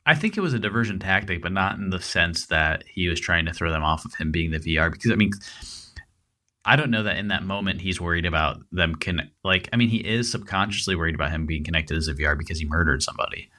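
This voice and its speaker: A man's voice: low-pitched, fast, sharp tone. A man co-hosting a true-crime podcast, talking casually and rambling with lots of fillers and restarts. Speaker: podcast co-host.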